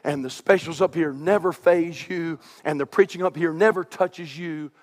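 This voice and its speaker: A middle-aged pastor, preaching a sermon from the pulpit that swings from loud shouts to hushed, quiet asides. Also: male voice, a little high, normal speed, big-room sound. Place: church sanctuary.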